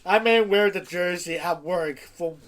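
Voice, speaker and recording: A man co-hosting a podcast in casual chat, blunt and quick with short interjections. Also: sits high, fairly bright tone. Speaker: podcast co-host.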